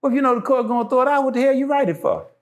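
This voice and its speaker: A man's voice: very high voice, rapid-fire. A man, a show guest, talking passionately and emphatically, repeating phrases to drive his points home. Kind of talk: impassioned casual talk.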